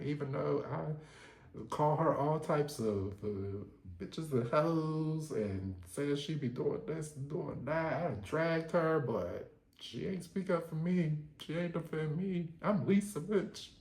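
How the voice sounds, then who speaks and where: A man doing a mocking impression of a furious, tearful reality-show woman, ranting in quick slang in a roomy space. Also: high voice, dark tone, pitched above the performer's own voice. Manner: indignant, slangy, rapid rant. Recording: roomy echo.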